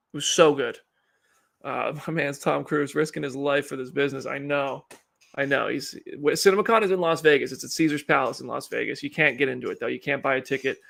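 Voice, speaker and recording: Gravelly-voiced man hosting a live stream. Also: medium pitch, a bit bright. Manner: rambling, chatty, self-deprecating. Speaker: livestream host. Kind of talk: casual live commentary.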